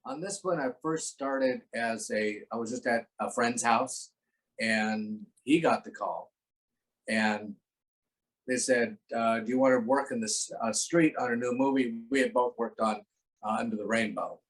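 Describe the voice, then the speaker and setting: A man's voice: mid-range voice, steady tone, unhurried, low-quality recording. A man, a guest actor, telling a rambling anecdote in casual chat on a video call, acting out the voices he quotes.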